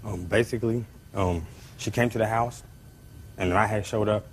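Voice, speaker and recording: A man in the role of defendant explains himself with halting starts and fillers. His voice sits on the low side. He answers in plain courtroom testimony. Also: fairly even intonation, a little hiss or hum.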